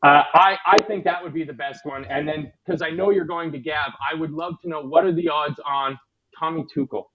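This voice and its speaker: A man's voice: a little high, fairly even intonation, a little fast, dull audio, crowd noise. A man chatting casually as a fan panelist, jokey and thinking aloud. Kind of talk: casual chat.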